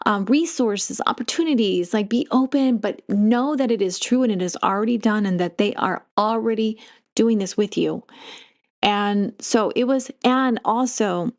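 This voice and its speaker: Her voice mid-range, this podcast host meanders through a relaxed spiritual monologue, chatting freely, laughing a lot, and livening up whenever she recounts a story.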